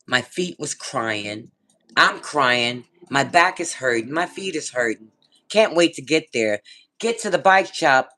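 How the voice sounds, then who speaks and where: Speaking in a low voice, a middle-aged woman vlogs, spinning a casual story to her audience and a friend. She's lively and curses without restraint.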